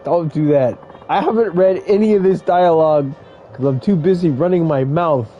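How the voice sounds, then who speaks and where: A man's voice: fairly high pitch, moderate pace, muffled recording, faint music behind. A man casually commenting on a game he plays, rambling into crude, joking stories. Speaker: gaming streamer. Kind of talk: casual let's-play commentary.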